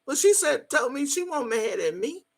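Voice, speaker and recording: A woman's voice: sits high, big pitch swings, normal speed. A woman, telling a story in a blunt, emphatic way and cussing freely. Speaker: vlogger. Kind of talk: profane storytelling monologue.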